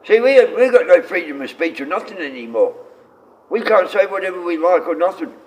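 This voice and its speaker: This Australian man in his sixties sounds high, animated, and fairly quick as he chats casually on a live stream. Blunt and rambling, he reads comments aloud and addresses his dogs, all captured in dull lo-fi audio with faint noise.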